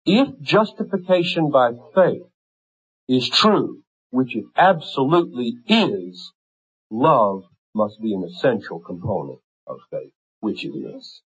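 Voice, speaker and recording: A man preaching a sermon with impassioned intensity, swinging from fervent, rising pleas to hushed, quiet emphasis. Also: mid-range voice, very animated, slow pace, husky, muffled recording.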